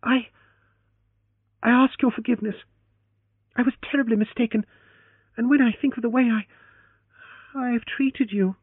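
Casting: man doing a high-pitched spitfire young woman, storybook reading, tinny dry recording. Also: expressive, normal speed, breathy edge, dry recording, heavily acted. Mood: pleading. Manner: flashing, accusing, then faltering. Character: fiery proud young woman, quick to anger.

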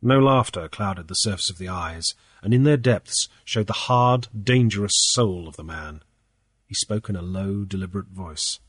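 A man reading a story aloud as narrator in a measured, steady way. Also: lowish voice, no echo, studio quality. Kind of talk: audiobook narration.

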